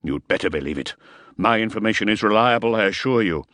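A man voicing a nervous, sweating middle-aged fixer who gives clipped, urgent orders in a low, dry tone. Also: expressive, fast, fairly bright tone, no echo. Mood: stern.

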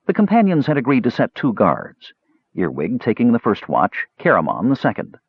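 A man narrating a fantasy story in an expressive, lively reading. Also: mid-range voice, moderate pace, husky, no room sound. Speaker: audiobook narrator. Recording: dull lo-fi dry recording.

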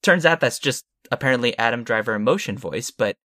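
A man's voice: mid-range voice, animated, fairly quick, sharp tone, dry recording, studio quality. A man co-hosting a film podcast, giving frank opinions in a rambling, casual way. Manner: rambling, frank, with short laughs. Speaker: podcast co-host.

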